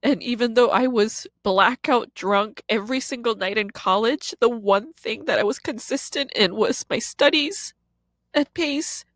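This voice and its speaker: A woman's voice: a little high, a little slow, dry recording. A woman in her thirties, a podcast host and comedian, giving a raw confessional monologue in a blunt, profane way.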